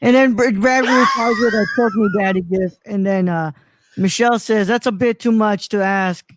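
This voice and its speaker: A man's voice: high voice, moderate pace, noisy background. Laid-back rambling male stream host. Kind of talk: casual chat.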